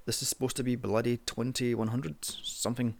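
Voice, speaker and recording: A man's voice: mid-range voice, fairly even intonation, normal speed, gravelly, a little hiss or hum. A man narrating a casual movie review in a sarcastic, sweary way.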